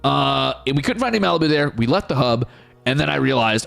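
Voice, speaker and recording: A male streamer spins a profane, excitable story for his chat. His voice is gravelly, with wide swings in pitch. Faint music plays behind him. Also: quick pace.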